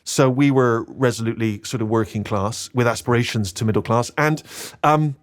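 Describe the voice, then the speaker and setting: A man's voice: medium pitch, moderate pace. A middle-aged man with a Bristol West Country accent, chatting as a podcast guest and telling self-deprecating stories. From England, Bristol. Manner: self-deprecating storyteller, slips into put-on voices. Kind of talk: casual chat.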